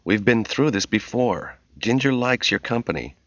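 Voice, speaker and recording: A man's voice: mid-range voice, lively intonation, normal speed, fairly bright tone, no echo, pitched above the performer's own voice. A man voicing a harried divorced father who keeps his temper in check, in an audiobook reading. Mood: coaxing. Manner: restrained, exasperated, teasing. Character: harried divorced father, patient but strained. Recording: dull, muffled audio.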